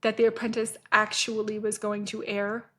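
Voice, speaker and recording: A woman's voice: mid-range voice, completely flat delivery, normal speed, a bit bright. A woman in her fifties hosting a podcast, telling a story bluntly in a casual, profane, self-interrupting monologue. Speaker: podcast host.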